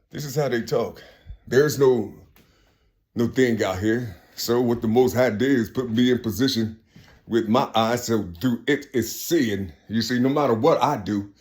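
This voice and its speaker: Man, mid-pitched, rambling street-slang monologue, swears freely. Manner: profane, street slang, animated impressions.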